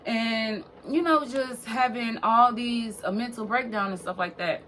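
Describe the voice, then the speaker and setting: A woman's voice: on the high side, measured pace, hardly any pauses, a bit bright, slight background noise. A young woman vlogger telling a long personal story in a casual, rambling way, full of fillers and swearing.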